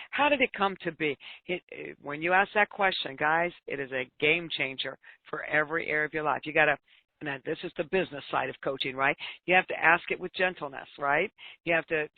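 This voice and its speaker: A woman's voice: low voice, no echo. An older woman, a business coach and author, telling stories earnestly as a talk show guest and laughing often. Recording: tinny phone line.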